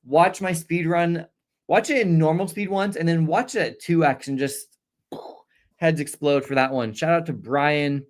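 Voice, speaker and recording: Chatty man reading viewer shout-outs. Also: on the high side, unhurried. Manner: stumbles over names and apologizes. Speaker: AP exam review host. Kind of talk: casual live-stream review.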